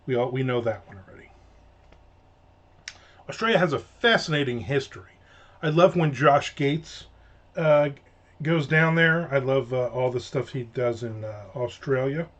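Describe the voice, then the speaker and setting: A man's voice: medium pitch, a little slow, long pauses, fairly bright tone. A man from the United States chatting casually on a livestream, rambling and joking as he reads viewer comments, trailing off and restarting often. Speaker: livestream host. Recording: slightly dull lo-fi home mic.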